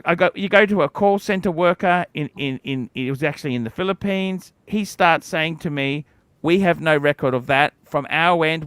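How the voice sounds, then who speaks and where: Grumpy livestream host, forties, sharp, clean tone, foul-mouthed ranting. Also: male voice, fairly high pitch, clear, resonant tone, dry recording. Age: 40s. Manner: profane, cantankerous ranting.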